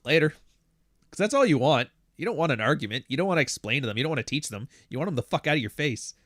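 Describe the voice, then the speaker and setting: A man's voice: a little high, animated, fast, fairly bright tone, no room sound, studio quality. Blunt, profane man hosting a livestream. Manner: blunt, profane, rambling, acts out other people's voices. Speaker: livestream host reading super chats. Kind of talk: casual live-stream talk.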